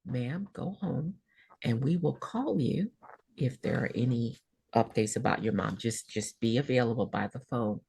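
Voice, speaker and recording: Gentle female hospital nurse, patient and softly firm, told by a woman storyteller. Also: very deep voice, moderate pace, gravelly, slight background noise, voice pushed down, poor audio.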